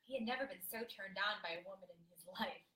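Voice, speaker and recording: A woman's voice: medium pitch, fast talker, sharp tone, recorded from a distance. A woman co-hosting a podcast, reading explicit fan fiction aloud and breaking off into laughing asides to her co-hosts. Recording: echoey room.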